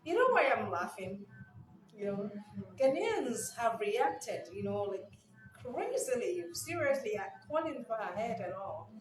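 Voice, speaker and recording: A woman from Nigeria giving casual vlog commentary, animated and incredulous, laughing often. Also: fairly high pitch, unhurried. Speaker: news commentator. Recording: echoey room with background music.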